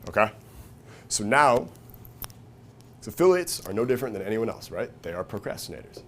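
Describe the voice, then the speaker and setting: A man with a lower-than-average voice gives a live seminar talk, profane, energetic and casual, at a moderate pace. He keeps checking in with "right?" and "okay?", and when quoting people he leaps into loud, high-pitched impressions with big jumps in pitch and volume. Faint room noise sits underneath.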